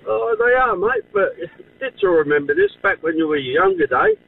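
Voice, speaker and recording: A man's voice: very high-pitched, huge pitch swings, brisk, gravelly, breathy edge, narrow, tinny audio. An Australian man calling a radio show, reminiscing in an emphatic way. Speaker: caller. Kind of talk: phone call to radio.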